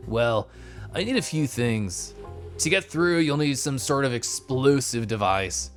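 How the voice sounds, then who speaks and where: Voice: medium pitch, lively intonation, measured pace, faint music behind, lightly acted. A streamer voicing a laid-back surfer-bro game character who keeps saying he is a great listener. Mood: matter-of-fact. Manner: drawling, easygoing surfer-bro talk. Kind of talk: game voice acting.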